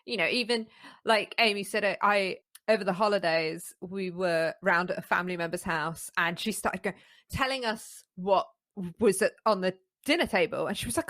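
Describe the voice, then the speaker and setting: A woman co-hosting a podcast, thoughtful and wry, sometimes pausing to search for words. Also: medium pitch, fairly bright tone. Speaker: podcast co-host. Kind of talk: casual conversation.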